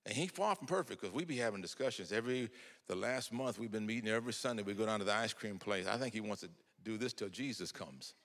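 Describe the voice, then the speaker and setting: A man's voice: on the low side, quick pace, fairly bright tone, long reverb tail. An older man telling folksy, humorous family stories in a sermon, acting out the dialogue. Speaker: preacher. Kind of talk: storytelling sermon.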